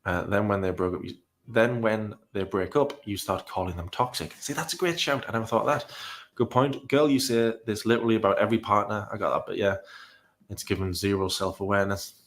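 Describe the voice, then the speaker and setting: A man's voice: lowish voice, steady tone, a little fast. A man casually reacting to video clips and reading out comments, rambling and self-deprecating with frequent sighs.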